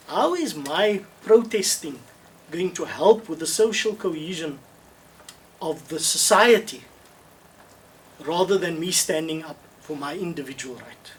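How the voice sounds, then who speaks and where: A man answers questions on a video call, his voice sitting fairly high for a man. He reasons aloud in measured steps, restarting phrases and repeating key points for emphasis. The mic sounds a bit distant, with a faint hiss behind him. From South Africa. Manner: measured, thoughtful, with frequent restarts and emphatic repetition. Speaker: webinar speaker answering questions. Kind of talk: Q&A answers in an online webinar.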